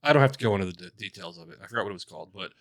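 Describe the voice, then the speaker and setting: A man's voice: low-pitched, expressive, rapid-fire, dry recording. A young man co-hosting a podcast, telling stories in a rambling, hesitant way. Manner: rambling, hesitant, many fillers and restarts. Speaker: podcast co-host. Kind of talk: casual chat.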